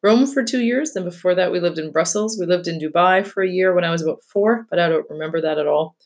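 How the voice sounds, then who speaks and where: A woman's voice: lowish voice, fast talker. A woman reading aloud as a confident, well-traveled preteen girl who talks in a chatty, matter-of-fact way. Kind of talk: reading a children's novel aloud.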